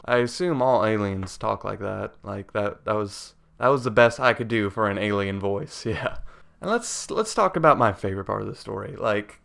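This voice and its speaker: A man's voice: mid-range voice, vocal fry, a bit bright, clean tone. A young man giving a casual video game review in a rambling, profane, jokey way.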